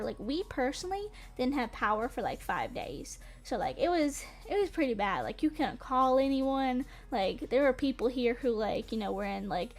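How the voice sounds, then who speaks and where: High-voiced giggly streamer woman. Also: a little mellow. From Western North Carolina. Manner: rambling, heavy filler words, giggly. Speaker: vtuber streamer. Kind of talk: casual livestream chat. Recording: faint music behind.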